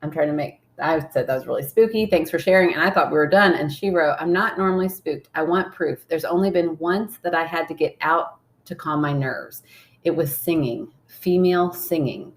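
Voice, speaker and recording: A young woman with a deep voice co-hosts a podcast at a moderate pace, chatting casually, reading listener messages aloud and laughing often.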